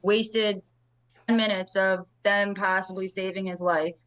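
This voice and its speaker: A woman giving an interview, recounting events in a measured, matter-of-fact way. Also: mid-range voice, little pitch movement, a bit bright, poor audio. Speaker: interview guest.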